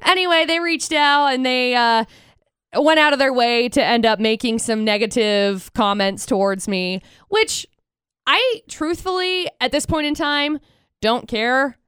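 A woman radio co-host with a slightly higher voice that comes across smooth and clear. She chats in a casual, self-deprecating way, close to a studio mic in a dry room. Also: a little slow, fairly bright tone, no echo. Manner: chatty, self-deprecating storyteller. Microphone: studio microphone.

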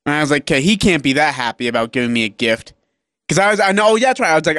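A young man co-hosting a sports radio show, his voice sitting a bit high. He talks in loose banter, laughs often and acts out the people in his stories. The studio sound is close and dry. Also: expressive, racing, a bit bright, no echo. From Utah. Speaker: radio co-host. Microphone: studio microphone.

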